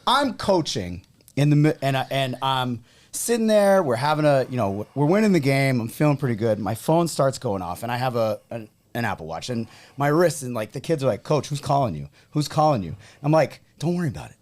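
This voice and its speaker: A young man with a New England accent hosts a casual podcast chat. His voice swings widely in pitch as he tells stories, laughing and slipping into quoted voices along the way. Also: brisk. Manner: animated storyteller, laughing and dropping into quoted voices. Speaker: podcast host.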